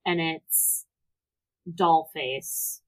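A woman on a podcast retells a film's plot in loose talk, swearing casually along the way. She speaks very slowly, and her voice sits somewhat low for a woman. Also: steady tone, poor audio. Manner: unhurried, profane retelling with many "like" fillers. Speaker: podcast co-host. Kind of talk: casual movie recap chat.

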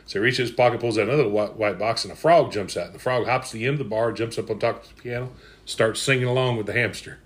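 A man's voice: mid-range voice, fast talker. A man telling old jokes in casual chat, folksy and chuckling as he goes.

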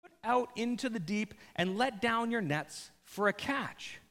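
A calm male teacher speaks softly and deliberately, as a preacher voices him. His voice sits fairly high, and a long hall reverb trails behind it. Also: vocal fry, exaggerated voice. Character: calm adult male teacher giving a quiet instruction.

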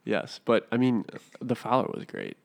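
A man's voice: mid-range voice, wildly swooping pitch, moderate pace, gravelly, darkish tone. A young man co-hosting a podcast, reacting with enthusiasm in casual chat. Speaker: podcast co-host.

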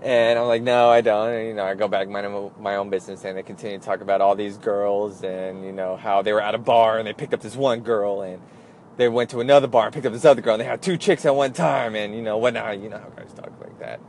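A man's voice: fairly low pitch, steady tone, fast, a little mellow. A young man recalls his time as an airline gate agent in a casual, meandering way. He keeps slipping into the voices of the people in his story, and a faint background noise runs under the recording. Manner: rambling, acts out others' voices in quotes.

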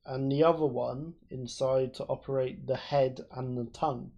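A man's voice: mid-range voice, fairly even intonation, normal speed, dark tone, lo-fi sound. A man, co-hosting a podcast and explaining things at length in casual chat, with lots of fillers. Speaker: podcast co-host.

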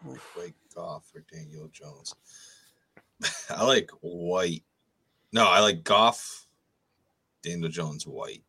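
A man with a very deep but bright-edged voice and a husky grain to it. He trades quick, teasing takes in casual podcast chat and laughs a lot. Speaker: podcast co-host. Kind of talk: casual fantasy football chat.

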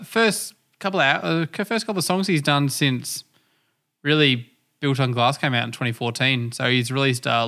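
A young man hosting a casual music podcast, chatty and animated, swearing and laughing easily. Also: medium pitch, clean tone. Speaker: podcast host.

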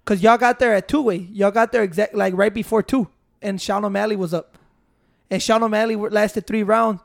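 Very high, gravelly guy. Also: steady tone, a little fast. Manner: teasing, profane, argumentative. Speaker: podcast co-host. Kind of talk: casual chat.

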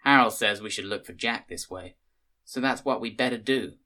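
Guy putting on a chatty southern us tourist lady, folksy and gushing, kinda high and bright. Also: normal speed. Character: chatty grey-haired American woman tourist.

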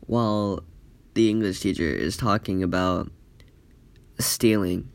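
A man's voice: lowish voice, fairly even intonation, unhurried, pauses often, dry recording. Rambling profane storytime guy. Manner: profane, rambling, full of "like" fillers. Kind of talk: casual storytime.

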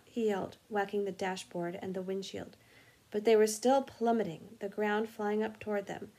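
A woman, a music teacher, reading a storybook chapter aloud in an animated, expressive way with small slips. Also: medium pitch, normal speed, gravelly.

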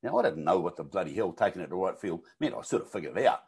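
Very fast and low-pitched, this older New Zealand-accented man has a creaky, husky, darkish voice with lively intonation. He's a chatty guest in casual conversation, telling coaching stories with frequent restarts and casual swearing.

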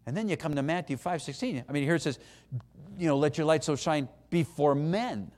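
A middle-aged man preaching a sermon, animated, acting out voices and having the congregation repeat phrases after him. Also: a little high, a little fast.

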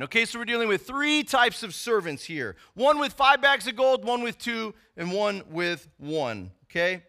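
Very high-voiced male preacher. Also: very animated, moderate pace, hardly any pauses, sharp tone. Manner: conversational, emphatic teaching with frequent tag questions. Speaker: pastor. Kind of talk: sermon.

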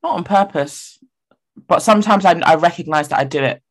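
A woman's voice: lowish voice, brisk. A woman in casual podcast chat, candid and self-deprecating, telling stories with animation. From Ghanaian family.

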